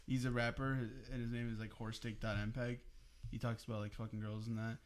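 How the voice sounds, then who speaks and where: Speaking at a medium pitch and a slightly quick clip, this young podcast co-host animatedly tells a story among friends. He's relaxed, swears without restraint, and keeps laughing as he talks.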